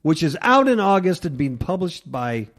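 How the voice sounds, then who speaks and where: A man's voice: fairly high pitch, big pitch swings, moderate pace, fairly bright tone. Sarcastic male talk radio host. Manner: sarcastic, reads news aloud and riffs on it. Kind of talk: mocking talk radio commentary.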